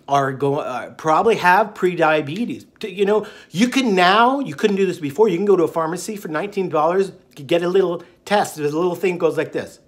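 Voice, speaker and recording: Talking fast and barely pausing, this man's high voice carries a casual, rambling monologue on his diet channel. He jokes around, goes off on tangents, and uses plenty of fillers.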